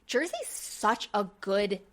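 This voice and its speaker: A woman's voice: mid-range voice, slow pace. A woman in her thirties co-hosting a casual podcast chat, telling stories with acted-out voices and casual swearing. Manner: animated storyteller, acts out voices, swears casually. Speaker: podcast co-host. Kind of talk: casual chat recapping a reality show.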